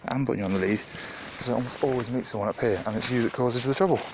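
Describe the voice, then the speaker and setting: A man vlogging casually while walking dogs on a muddy country path, chatting to the camera between loud calls to his dogs. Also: mid-range voice, racing. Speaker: dog walker. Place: outdoors on a muddy rural path. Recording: muffled outdoor recording with background noise.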